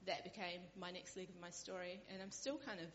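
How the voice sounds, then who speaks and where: A woman's voice: lowish voice, fairly even intonation, a little fast, fairly bright tone, long reverb tail, highs cut off, a little hiss or hum. A woman sharing her personal faith story in a church, candid and hesitant with frequent ums. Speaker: church member sharing testimony. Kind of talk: personal testimony.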